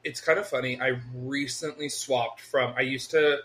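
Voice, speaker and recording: A man co-hosting a casual podcast chat, his voice sitting at an ordinary middle pitch. He talks in an animated, loose way, swears freely and laughs often. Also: normal speed. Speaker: podcast co-host.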